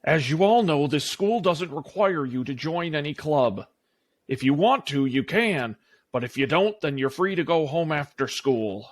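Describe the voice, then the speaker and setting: A man voicing a bored male bird schoolteacher who makes flat, unhurried announcements to his class. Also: a little high, dry recording.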